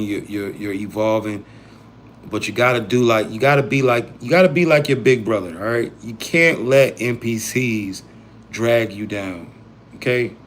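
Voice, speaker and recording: A man's voice: mid-range voice, a little hiss or hum. A man hosting a livestream, talking casually and profanely to his chat in heavy slang. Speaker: livestream host.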